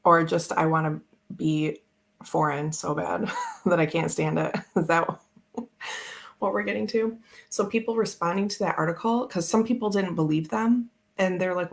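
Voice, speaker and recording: A woman's voice: on the low side, fairly even intonation, normal speed, creaky. A woman hosting a casual tarot live stream, chatting in a rambling way and laughing often. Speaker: tarot channel host.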